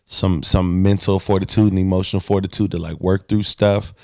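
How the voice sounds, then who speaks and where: Male co-host with a low, gravelly voice; laid-back, reflective, jokes easily. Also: little pitch movement, brisk, darkish tone, dry recording, clean studio sound. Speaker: podcast co-host. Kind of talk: casual chat.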